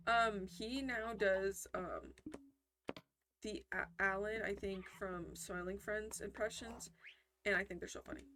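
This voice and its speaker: A woman's voice: mid-range voice, measured pace, a bit bright. A woman giving casual, rambling commentary while she plays a video game, often breaking off mid-sentence. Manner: rambling, self-interrupting, chatty. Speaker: gaming commentator.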